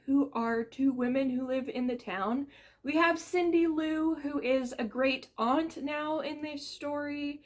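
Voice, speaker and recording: A woman reviewing books to camera at home, chatty and rambling with playful asides. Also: sits high. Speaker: book vlogger. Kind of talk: casual chat to camera.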